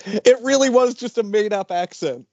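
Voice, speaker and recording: A chatty man on a casual film podcast, easygoing, sometimes fumbling for the right word. His voice sits a touch high and is recorded dry and close. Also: moderate pace, darkish tone, no room sound, muffled recording. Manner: chatty, searching for words, laughs easily. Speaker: podcast co-host.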